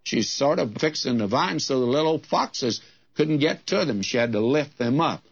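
An older man preaching a sermon in a slow, deliberate way, lifting his voice when he reads scripture. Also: mid-range voice, expressive, creaky. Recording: dull lo-fi old sermon recording.

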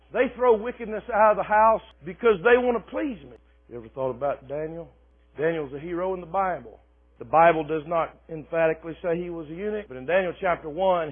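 A man preaching a sermon, lively and dramatic, shifting between quiet asides and loud shouting. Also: fairly high pitch. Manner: animated preaching, swings from soft asides to shouting, laughs often. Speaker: pastor. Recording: phone-like, thin and husky.

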